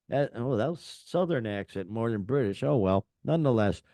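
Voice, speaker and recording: A man co-hosting a casual rock music chat show, animated and joking, reading out headlines. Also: medium pitch, moderate pace, no echo, clean studio sound. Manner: animated, reads headlines and quotes with a put-on voice. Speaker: podcast co-host.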